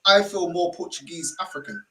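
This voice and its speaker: A young man, his voice high and bright as he chats. He tells stories in easy street slang, tagging lines with "innit". Relaxed, friendly back-and-forth. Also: fairly quick, rough recording. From England. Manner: chatty storyteller, slangy, ends lines with "innit". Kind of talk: casual chat.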